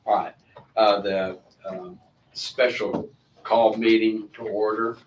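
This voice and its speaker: A man chairs a committee meeting in a friendly, rambling way, often stopping to apologize. His voice sits a little low and comes from some distance in an echoey meeting room, with a faint hiss underneath. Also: flat delivery, slow pace.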